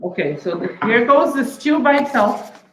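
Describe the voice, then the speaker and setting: A woman, the host chef of a cooking stream, giving cheerful shout-outs and often saying "all right" between names. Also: on the high side, lively intonation, normal speed, reverberant, very noisy. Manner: cheerful, repeats "all right" and "big up yourself".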